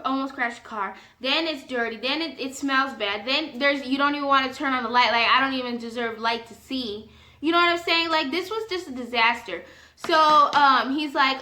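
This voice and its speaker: A young woman telling a story to her viewers in a casual vlog, animated and indignant, acting out both sides of a conversation. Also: high-pitched, roomy sound. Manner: animated, indignant retelling with quoted dialogue.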